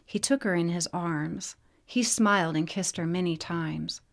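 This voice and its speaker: A woman narrates a fantasy audiobook in a plain, steady reading style. Her voice sits on the low side for a woman. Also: a little slow, creaky. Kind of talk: storybook reading.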